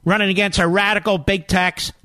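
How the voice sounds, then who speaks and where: A man's voice: high voice, little pitch movement, fairly quick, pushed and bright, dry recording. A man hosting a political talk radio show, delivering a combative monologue full of emphatic rhetorical questions. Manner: emphatic, rallying.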